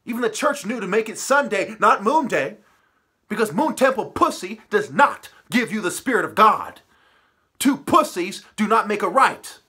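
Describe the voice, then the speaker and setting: A man in a profane, preachy ranting monologue, swinging from muttering to shouting. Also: high voice, expressive, normal speed, breathy edge. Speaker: vlogger.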